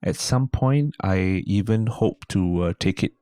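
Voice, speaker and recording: A man in his thirties with a Singaporean accent, telling stories as a comedian guest on a casual podcast, lively and quick to mimic voices. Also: deep voice, no echo, clean studio sound. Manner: animated storyteller, slips into mimicry.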